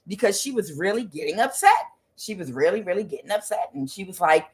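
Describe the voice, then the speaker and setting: A woman's voice: medium pitch, fast talker. A middle-aged woman doing a casual tarot reading, ranting and rambling with many fillers and restarts. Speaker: tarot card reader.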